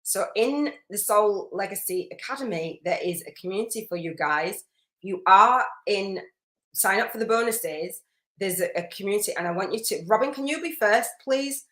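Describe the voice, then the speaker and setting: A woman's voice: medium pitch, lively intonation, moderate pace. Effusive woman coaching live, roomy sound. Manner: warm, effusive, rambling with many fillers and restarts. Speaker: spiritual business coach hosting a live masterclass. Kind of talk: live-streamed coaching, chatty, reading out viewer comments. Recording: roomy echo.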